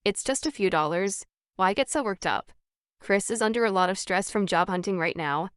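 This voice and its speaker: A woman voicing a lazy, entitled young adult sister who talks in an offhand, scornful way, in a smooth narrated story. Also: medium pitch, expressive, moderate pace, no echo, studio quality, close to an everyday voice.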